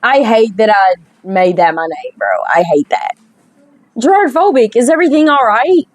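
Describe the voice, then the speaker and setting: A woman's voice: on the high side, animated, moderate pace, poor audio. A young woman, a gaming creator, reads a dating sim aloud and reacts with sassy, joking commentary, often stumbling over her words. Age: young adult.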